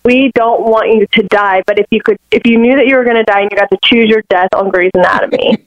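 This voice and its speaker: A woman's voice: mid-range voice, steady tone, quick pace, dry recording, dull audio. A woman co-hosting a podcast, playful and teasing in casual chat. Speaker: podcast co-host.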